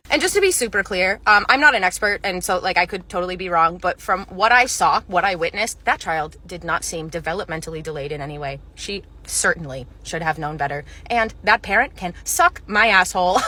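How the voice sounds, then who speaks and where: A woman performing storytime comedy skits about retail work, sarcastic and exasperated. Her voice is bright and crisp, with a sharp edge. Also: medium pitch, expressive, a little fast. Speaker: comedy creator, former store cashier.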